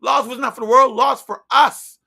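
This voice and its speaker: High gravelly preaching man. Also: steady tone, moderate pace. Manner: fervent and insistent, with repeated rhetorical questions; swings between loud emphasis and hushed near-whispers. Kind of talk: sermon.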